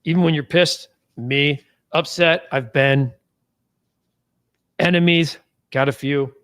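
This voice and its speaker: An upbeat, folksy sports talk host with a fairly high voice. He is wrapping up a live show in a casual way, reading out viewers' comments. He speaks warmly and directly to them. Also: steady tone, slow pace. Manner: upbeat and chatty, with shout-outs to viewers by name.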